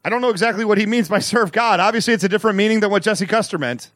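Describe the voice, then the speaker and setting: A man with a notably high voice chats casually as a podcast co-host, walking through a TV episode with animated asides and frequent laughter. The sound is dry and close, with no room around it. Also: very fast, no room sound. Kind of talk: casual chat recapping a TV episode.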